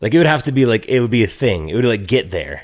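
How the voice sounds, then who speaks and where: A podcast co-host from Canada, chatting casually and swearing, full of "like" and laughing mid-story. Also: male voice, medium pitch, big pitch swings, quick pace, a little mellow.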